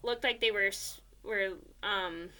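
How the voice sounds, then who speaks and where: A woman's voice: medium pitch, a little slow, sharp tone. A young woman casually telling a personal story, rambling with many fillers and repeated "blah, blah, blah.".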